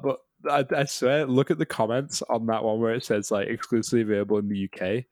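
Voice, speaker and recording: A man's voice: mid-range voice, quick pace, few pauses, no room sound, clean studio sound. A man co-hosting a podcast in casual chat, telling stories with lots of laughter and the odd curse. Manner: laughing, swearing, animated storytelling. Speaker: podcast co-host.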